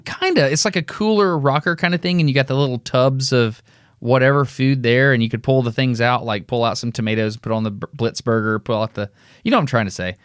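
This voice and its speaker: A man's voice: medium pitch, brisk, clear, resonant tone, no echo, clean studio sound. A man from Alabama telling a funny story on a podcast, acting out the people in it and laughing often. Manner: animated storyteller who acts out voices and laughs often. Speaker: podcast co-host. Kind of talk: casual storytelling chat.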